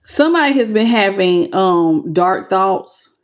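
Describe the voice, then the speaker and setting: A woman who hosts a spiritual channel talks casually to her livestream viewers in a medium-pitched, animated voice, taking it slowly. Her delivery is earnest and intimate, with loose, conversational phrasing.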